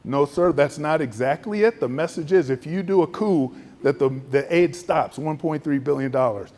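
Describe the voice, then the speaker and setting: A middle-aged man, an Air Force general, telling a story in a luncheon speech and acting out the other voices. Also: moderate pace. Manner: animated storytelling, acts out other voices with raised pitch.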